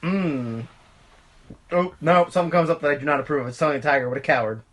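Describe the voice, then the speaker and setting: A man co-hosting a comedy podcast, teasing his friends with dry, deadpan jokes. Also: on the high side, fast talker. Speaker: podcast co-host. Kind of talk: casual comedic chat.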